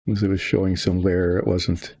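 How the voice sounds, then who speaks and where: An older man with a low, dark, level voice talks briskly and casually while working on a model as a hobby painter. His narration rambles through asides, and there's no echo.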